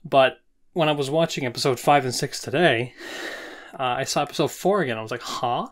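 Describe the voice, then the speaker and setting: Excitable swearing anime reactor. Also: mid-range voice, a little fast. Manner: excitable, swears and laughs often. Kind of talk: casual reaction commentary.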